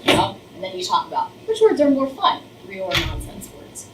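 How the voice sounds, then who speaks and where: A woman's voice: mid-range voice, huge pitch swings, a little fast. A middle-aged woman, a first grade teacher, giving a training lecture on reading and demonstrating sounds. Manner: explains with demonstrations, overemphasizes sounds. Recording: roomy, distant, faint noise.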